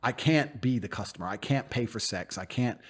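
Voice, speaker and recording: A man appears as a podcast guest in a casual interview, speaking bluntly and emphatically, swearing freely and often acting out quoted speech in put-on voices. His medium-pitched voice is husky and animated at a moderate pace.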